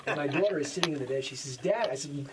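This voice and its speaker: A man's voice: fairly high pitch, very fast, distant mic, very noisy. A man in his sixties, a voice actor in a making-of interview, telling anecdotes animatedly and acting out the lines he quotes. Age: 60s. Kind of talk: casual interview storytelling.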